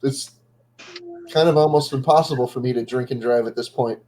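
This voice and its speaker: A man's voice: medium pitch, fairly even intonation, brisk, warm tone, a little hiss or hum. A man joining a casual livestream chat as a guest, laid-back and joking. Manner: laid-back, joking, says "bro" and "dude". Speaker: stream guest.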